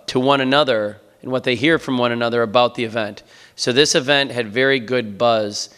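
A man's voice: mid-range voice, a bit bright, clean tone. A man from Wisconsin, a race event manager, giving a friendly, informal presentation at a town hall meeting. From Green Bay, Wisconsin.

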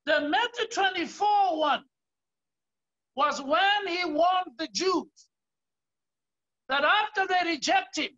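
South African male pastor, high bright voice, slow deliberate sermon delivery, dull lo-fi recording. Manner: emphatic preaching, often raising his voice and stretching key words.

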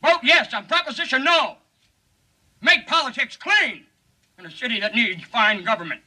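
A man doing a folksy shady political pitchman. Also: expressive, normal speed, sharp tone, distant mic, exaggerated voice, low-quality recording. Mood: pleading. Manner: folksy, pleading sales patter. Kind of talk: 1950s film comedy acting.

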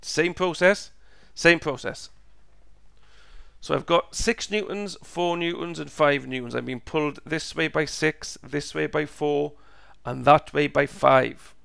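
A man teaching a step-by-step physics lesson, slow and patient, repeating each step, his voice croaky and going hoarse. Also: on the high side, a bit bright, no room sound. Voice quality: gravelly, croaky.

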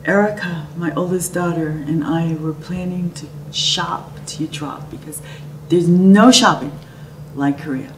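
A woman's voice: fairly low pitch, unhurried. Middle-aged woman telling a story from afar. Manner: animated, dips into soft whispers. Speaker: speaker telling a personal story. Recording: distant mic with noisy background.

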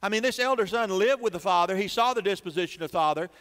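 A man's voice: high-pitched, quick pace, a bit bright. A man preaching a sermon as pastor, building emphasis through dramatic repetition in a church sanctuary. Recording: long church reverb.

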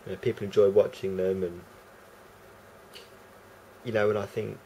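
A vlogger with a London accent rambles unscripted to camera in a lowish, mellow, flat voice at a moderate pace. He's hesitant and full of fillers, and the rough recording carries slight background noise.

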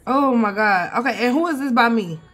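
A young woman, giving animated, swearing, mock-outraged commentary as she plays a life-sim game. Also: fairly high pitch, a little fast. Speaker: gaming streamer. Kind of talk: casual gameplay commentary.

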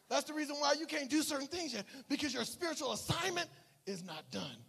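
A man preaching a sermon as pastor, telling a story with animated swings between shouting and hushed asides. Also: very high voice, husky. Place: church sanctuary.

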